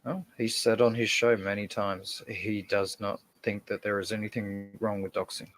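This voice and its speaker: A man's voice: fairly low pitch, flat delivery, normal speed, faint music behind. A man co-hosting a livestream, speaking casually and hesitantly with frequent fillers.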